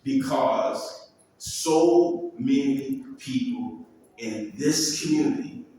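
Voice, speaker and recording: A man's voice: mid-range voice, drawn-out words, recorded from a distance, slight background noise. A man, a builder, giving a storytelling speech to a live audience. He acts out the voices in his stories and delivers faith-filled calls like a preacher. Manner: animated, acts out dialogue in quoted exchanges. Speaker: builder and speaker. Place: large hall with an audience. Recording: echoey hall, voice picked up from afar.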